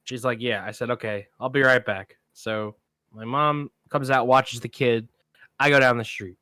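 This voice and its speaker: A man's voice: mid-range voice, moderate pace, smooth, no echo. A man co-hosting a film podcast, telling a long anecdote in casual chat and acting out the people he quotes. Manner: animated anecdote teller, acts out quoted voices. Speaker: podcast co-host.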